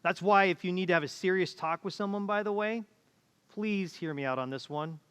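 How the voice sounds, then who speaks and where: A man's voice: high-pitched, fairly quick, a bit bright, clean tone, big-room sound. A man preaching a sermon as pastor, telling stories and acting out the people in them. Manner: storytelling, acts out quoted voices. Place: church auditorium.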